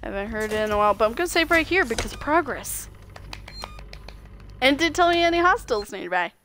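A woman's voice: on the high side, expressive, brisk, bright, forceful tone, slight background noise. A woman with a slight Southern US accent, chatting through a live-streamed game and talking back to it. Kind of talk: live-streamed gameplay commentary.

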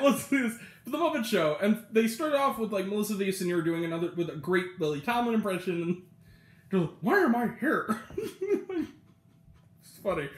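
A young man talks through a TV episode in a loose, rambling review, breaking into laughs and acting out the lines he quotes. His voice sits high and swings widely in pitch. The sound carries a clear echo from the room around him. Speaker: TV review vlogger. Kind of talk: casual review monologue. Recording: echoey room.

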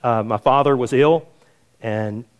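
A man preaching a sermon as a pastor, telling a story and acting out the voices in it. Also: unhurried. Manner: storytelling, acts out the quoted voices in a higher pitch. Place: church sanctuary.

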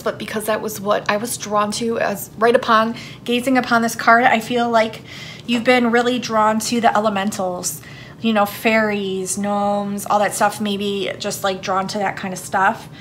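A woman's voice: medium pitch, level tone, normal speed, fairly bright tone, slight background noise. A woman giving a casual tarot card reading for her channel, chatting in a rambling way with lots of fillers. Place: her home, downstairs.

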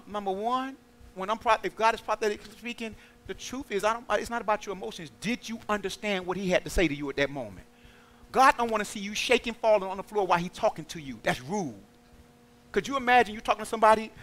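A man preaching to a congregation in a lively call-and-response style, acting out quoted voices as he goes. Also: high voice, fast talker. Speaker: pastor.

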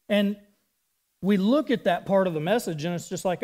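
A man with a notably high voice delivers a sermon in a relaxed, chatty way. He wanders into side remarks. He sounds like he is in his thirties. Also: normal speed. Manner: casual, chatty preaching with asides and laughs. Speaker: preacher.

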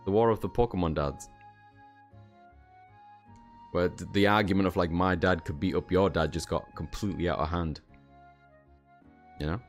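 Deep-voiced man, rambling streamer chat. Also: normal speed, pauses often, soft background music. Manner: rambling, jokey, self-deprecating. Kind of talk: casual livestream chat.

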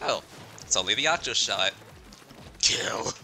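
A man's voice: on the low side, very animated, measured pace, gravelly, pushed and bright, slight background noise. A man hosting a gaming stream, chatting playfully and laughing often. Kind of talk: casual chat while gaming.

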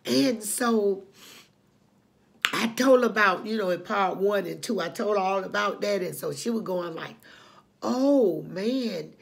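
A woman's voice: mid-range voice, moderate pace, gravelly, background noise. An older woman hosting her own channel, telling her life story to the camera in an emotional, preachy way, calling listeners honey and repeating herself. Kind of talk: emotional personal testimony to camera.

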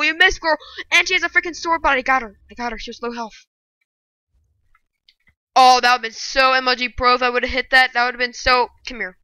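A woman giving live gameplay commentary, excitable and bursting into loud shouting rants. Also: sits high, fairly quick, clear, resonant tone, dry recording. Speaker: gaming video creator.

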